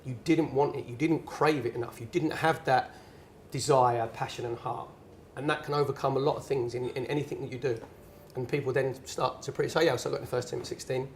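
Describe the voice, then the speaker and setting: Man in his forties, earnest storyteller, emphatic, restarts often, mid pitch, faint room noise. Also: fairly even intonation, brisk, hardly any pauses. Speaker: guest, former footballer. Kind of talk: storytelling in a conversation.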